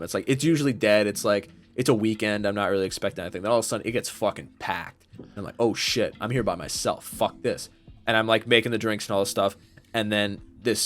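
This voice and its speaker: A man's voice: on the low side, a bit bright. A young man co-hosting a podcast, telling a story in casual chat, full of fillers and swearing. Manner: rambling storyteller, swears freely, many fillers. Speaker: podcast co-host.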